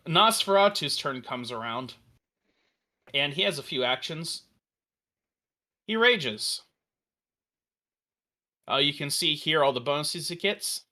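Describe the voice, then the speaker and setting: Eager guy rambling thru a game demo on stream, bright forceful voice. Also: medium pitch. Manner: enthusiastic, rambling with fillers and restarts. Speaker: developer demoing a virtual tabletop. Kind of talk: casual live stream demo.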